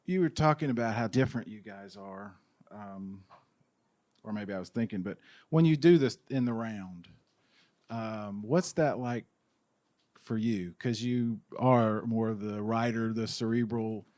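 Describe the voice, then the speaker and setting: A man's voice: fairly low pitch, a little slow, darkish tone, no room sound, studio quality. A man interviewing a guest, asking rambling, searching questions. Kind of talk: casual interview.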